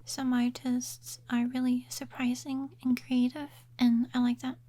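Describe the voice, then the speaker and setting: A woman talking softly and in a half-whisper as she ranks game characters in a relaxed ASMR chat, trailing off and restarting her thoughts. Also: sits high, unhurried. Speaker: ASMR gaming creator. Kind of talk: soft-spoken ASMR chat. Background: quiet rain sounds.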